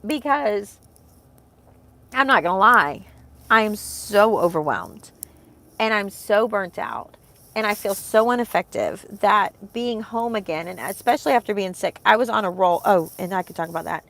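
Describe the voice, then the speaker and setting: Gravelly-voiced woman in rambling heartfelt chat. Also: mid-range voice, lively intonation, normal speed, a bit bright. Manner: rambling, heartfelt, with many fillers. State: emotional, close to tears. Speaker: vlogger, homeschooling mom. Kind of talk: casual chat to camera.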